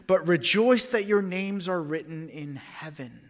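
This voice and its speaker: A man, a pastor, preaching a sermon, swinging from hushed near-whispers to loud emphatic lines. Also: sits high, animated, unhurried, few pauses.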